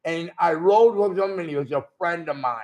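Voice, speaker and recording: An older former wrestler, appearing as an interview guest, rambles through blunt, profane stories in shoot-interview style. His voice is on the high side at a normal speed, with crowd noise in the background.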